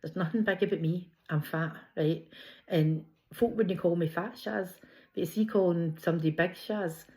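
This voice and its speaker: Low-voiced Glasgow woman chatting. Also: a little mellow. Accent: Scottish, Glasgow. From Scotland. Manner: chatty, laughing storyteller. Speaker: vlogger. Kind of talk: casual personal vlog.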